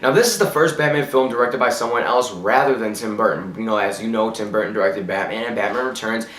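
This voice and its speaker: A man's voice: lowish voice, fast, fairly bright tone, reverberant. A man giving a casual, opinionated film review. He talks bluntly and rants, often stumbling and restarting his words. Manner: blunt, ranting, trips over words. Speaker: movie reviewer.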